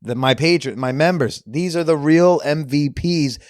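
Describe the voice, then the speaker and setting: A man's voice: on the high side, normal speed, a little mellow, no echo, clean studio sound. Jokey man hosting a podcast. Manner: jokey, off-the-cuff, crude humor. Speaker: podcast host. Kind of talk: casual ad reads and shout-outs.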